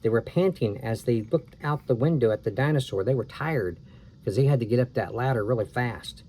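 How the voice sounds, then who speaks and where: A man reads a chapter book aloud to young kids and often stops for chatty asides. His voice is mellow and warm at a middle pitch. A faint hiss sits under it. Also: brisk. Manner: chatty asides explaining the story. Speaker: storybook reader.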